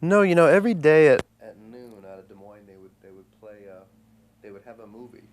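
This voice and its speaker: A man, an actor and guest, telling animated anecdotes and acting out the people in them with loud, high voices. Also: fairly quick, no room sound.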